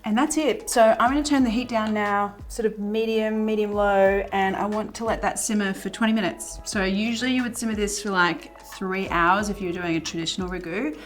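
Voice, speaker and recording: A woman talks through a recipe at the stove, relaxed and chatty, with plenty of ums and likes. Her voice sits at an ordinary middle pitch, with a pan sizzling and soft music playing under her. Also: fairly quick, hardly any pauses. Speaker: cooking show host. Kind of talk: casual cooking demonstration. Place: home kitchen.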